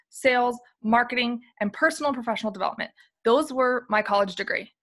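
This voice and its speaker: A woman in her thirties, originally from Flint, Michigan, speaks as an interview guest. She talks candidly and with feeling about her journey, laughing now and then and filling her pauses with "um" and "like.". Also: medium pitch, a bit bright. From Flint, Michigan, USA. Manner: candid and emotional, laughs often, many fillers. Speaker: interview guest, company field liaison. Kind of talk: conference interview, personal story.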